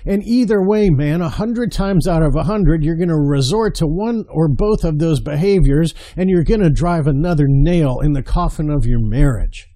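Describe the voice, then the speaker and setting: A man's voice: a little high, normal speed, hardly any pauses, dark tone. A middle-aged man preaching passionately to men about marriage, stressing and repeating his words and calling listeners brother. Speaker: men's marriage speaker. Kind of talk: impassioned sermon-style address to men.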